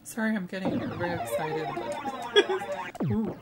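Excitable woman yelling at a retro game. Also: sits high, moderate pace. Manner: exclaims, laughs and scolds the game. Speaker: gaming channel host. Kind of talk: excited let's-play commentary. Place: home, playing retro computer game. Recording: game music loud behind.

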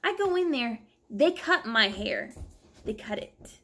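Rambling, gravelly woman telling a story. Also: a little high, a little slow, faint music behind. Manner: animated, rambling, exasperated storytelling. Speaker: vlogger. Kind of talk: casual storytelling vlog. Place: at home.

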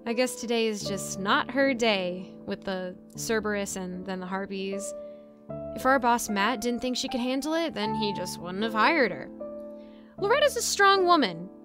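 A woman's voice: mid-range voice, lively intonation, normal speed. Chatty woman telling a creepy story over music. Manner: chatty and rambling, with asides and laughs. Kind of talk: casual first-person story narration. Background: soft background music.

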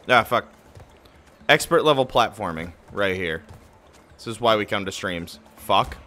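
A man giving live commentary while he plays a game. He is excitable, swears a lot and mocks his own mistakes. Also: fairly low pitch, unhurried, creaky, a little hiss or hum. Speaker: game streamer.

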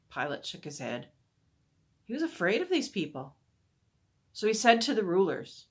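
A woman on a church staff reading a Bible story aloud to children, expressive and asking wondering questions. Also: mid-range voice, moderate pace, slightly rough.

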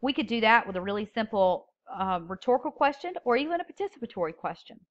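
A woman's voice: a little high, big pitch swings, fast, muffled recording. A woman teaching a public speaking class, explaining techniques and reading example openers aloud with strong emphasis on key words. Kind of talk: recorded classroom lecture.

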